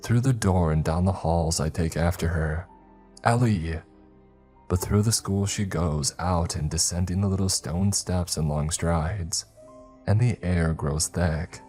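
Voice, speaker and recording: A man narrating a first-person horror story in a slow, measured way. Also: low-pitched, warm tone. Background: faint music.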